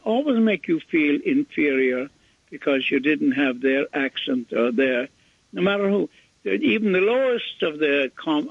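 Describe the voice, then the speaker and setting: An older man hosting a radio show, telling a rambling story in halting casual chat. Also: on the high side, gravelly, husky, no echo. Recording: tinny phone-line radio audio.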